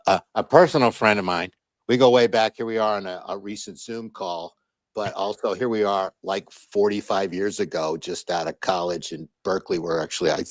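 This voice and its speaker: A man in his sixties telling stories as an interview guest, animated, with many restarts and fillers. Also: lowish voice, dry recording. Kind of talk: casual interview storytelling.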